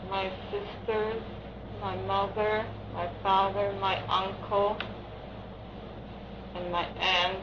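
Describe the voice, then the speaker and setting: A woman under hypnosis answers in short, halting phrases. Her voice is flat and slow. The old recording sounds dull, with a constant hiss. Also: medium pitch. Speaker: hypnosis patient.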